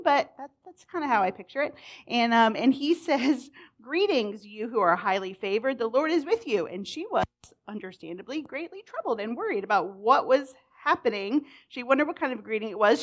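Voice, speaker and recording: Young woman with a higher voice, chatty bible lesson, lots of "like", animated. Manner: chatty, frequent "like", animated storytelling. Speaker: teacher. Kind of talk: casual Bible teaching.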